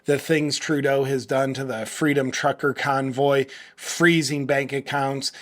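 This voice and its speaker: A man's voice: medium pitch, level tone, a little slow. A man in his forties hosting a political commentary video, mocking and sarcastic, switching into an ad read. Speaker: host.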